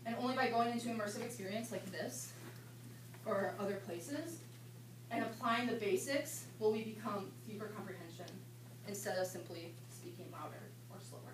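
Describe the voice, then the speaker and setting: A young woman in her twenties, a campus ministry intern, leading an informal seminar with chatty, animated storytelling. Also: medium pitch, moderate pace. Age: 20s. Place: indoor meeting room at a retreat. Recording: echoey room, mic far off, background hum.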